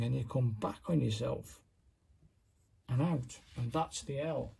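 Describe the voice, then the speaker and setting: Man, unhurried and raspy, casual self-critical hobby demo narration. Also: medium pitch, animated, mellow. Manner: self-critical, chatty, narrates while working. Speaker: calligraphy hobbyist demonstrating. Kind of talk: casual step-by-step demonstration.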